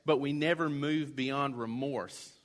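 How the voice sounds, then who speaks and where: A man's voice: mid-range voice, a little slow. A man preaching a sermon in a conversational way, acting out quoted voices now and then. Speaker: pastor.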